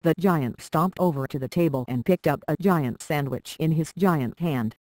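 A narrator reading a children's storybook aloud with a steady, even delivery. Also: mid-range voice, moderate pace, dry recording, rough recording.

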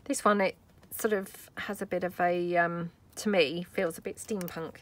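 A woman's voice: on the low side, fairly even intonation, moderate pace, slight background noise. A woman hosting a crafting tutorial, chatting casually and thinking aloud as she works at a craft table. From United Kingdom. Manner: chatty, thinking aloud while working, soft asides. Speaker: craft video host.

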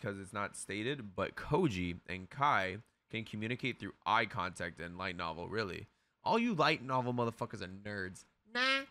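A man giving casual reaction commentary while watching an anime, excitable and full of profane slang. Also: fairly low pitch.

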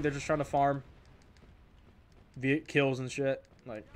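A man's voice: medium pitch, little pitch movement, normal speed, long pauses, a bit bright, a little hiss or hum. A young man giving solo gameplay commentary, exasperated and sarcastic, with frequent outbursts at the game. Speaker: gaming YouTuber.

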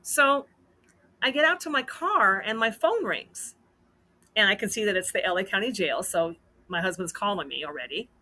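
A woman hosting a casual storytelling vlog, animated and acting out the dialogue in her story. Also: medium pitch, normal speed. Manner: animated, acts out quoted dialogue. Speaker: host.

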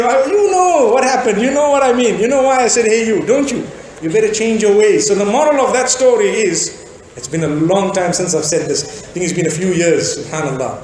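Male preacher, 40s, from Zimbabwe; lively storytelling lecture, high pitch, heavy hall echo. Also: a little hiss or hum. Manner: animated storytelling with rhetorical questions. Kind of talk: sermon lecture.

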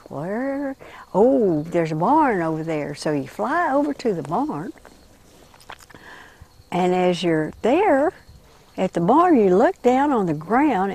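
A woman leading children through an interactive insect story, telling them how to move and what to say, slowing and hushing for the gentle parts. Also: on the low side, gravelly. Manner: animated, slows and drops to a hush for gentle moments.

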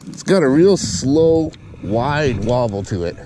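A man giving casual fishing commentary from a boat on a lake, excitable and whooping when a fish bites. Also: medium pitch, slow. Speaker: fishing vlogger. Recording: noisy outdoor lake ambience.

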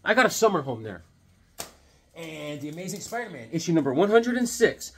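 High husky man joking about comics. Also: very animated, fairly quick, fairly bright tone. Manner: joking, rambling, acts out little dialogues in silly voices. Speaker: comic book collector and channel host. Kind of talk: casual comic collection show-and-tell.

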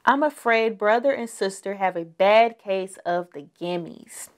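A woman reading as a calm mother bear. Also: mid-range voice, unhurried, close to an everyday voice. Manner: calm, even, reasoning.

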